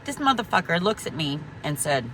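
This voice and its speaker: A woman's voice: fairly low pitch, very animated, brisk, background noise. A woman vlogging an angry, profane rant, emphatic and rambling, full of restarts. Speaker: veteran vlogger.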